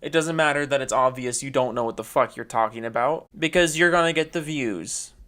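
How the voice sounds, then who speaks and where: A man's voice: mid-range voice, brisk, pushed and bright. Sarcastic man ranting over gameplay. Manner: sarcastic, exasperated. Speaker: YouTube commentator. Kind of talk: response video commentary.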